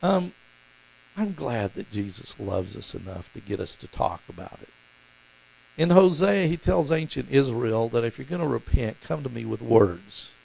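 Gravelly-voiced preacher with mains hum. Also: male voice, medium pitch, moderate pace, low-quality recording. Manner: animated, acts out voices in quotes. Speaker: pastor. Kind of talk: sermon.

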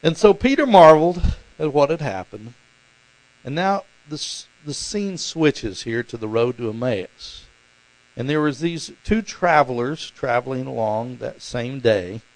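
A man preaching a sermon as pastor, animated and acting out the voices in the stories he tells. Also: medium pitch, a little slow, poor audio. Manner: animated, acts out voices in quotes.

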